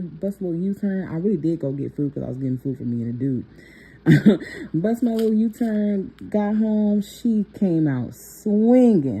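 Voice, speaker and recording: A woman's voice: deep voice, expressive, normal speed, warm tone, breathy edge. A young woman nail technician telling a personal story in a chatty, laughing vlog style, talking to viewers as y'all.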